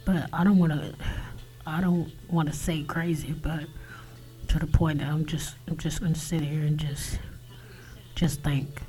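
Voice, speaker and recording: A man talking alone on his podcast in a halting confessional monologue, often dropping to a whisper and swearing. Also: fairly high pitch, darkish tone, rough recording. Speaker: podcast host.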